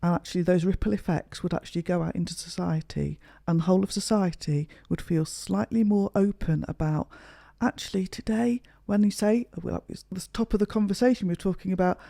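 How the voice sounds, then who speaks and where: A woman hosts a conversation, asking long and reflective questions. Her voice is mellow and dark with some gravelly texture. The sound is dry and close to the mic. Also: medium pitch, a little fast, hardly any pauses, dry recording. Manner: thoughtful, builds long questions. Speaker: podcast host.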